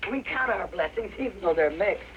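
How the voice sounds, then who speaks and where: An actress playing a wry, good-humored older retired vaudevillian who tells their story dryly. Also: female voice, medium pitch, animated, brisk, natural voice. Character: wry, good-humored old woman farmer, retired performer. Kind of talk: 1960s TV drama acting. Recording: dull lo-fi 1960s TV soundtrack with faint hiss.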